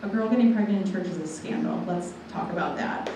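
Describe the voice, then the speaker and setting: A young woman in her twenties tells a personal testimony to a room full of people, her tone warm and mellow. She tells it in a lively way and acts out what people said. Her voice comes from well back off the mic and rings through a big echoey hall, with faint ambience behind it. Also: lowish voice, fairly quick, far from the mic, a little hiss or hum. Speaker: guest speaker. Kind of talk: personal testimony told to an audience. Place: large room with a live audience.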